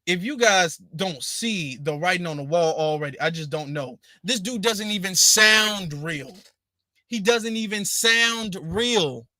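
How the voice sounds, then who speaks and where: A man hosting a casual livestream. He has a high, bright voice and talks in an emphatic, indignant way, hammering the same points again and again. The sound is dry and close. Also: animated, a little slow, no room sound. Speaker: livestream host.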